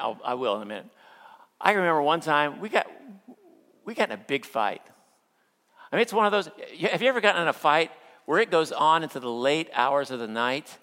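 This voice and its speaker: A middle-aged male pastor preaching a sermon, telling stories with playful humor and acting out quotes, then slowing down for earnest points. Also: on the high side, pushed and bright. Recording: long hall reverb.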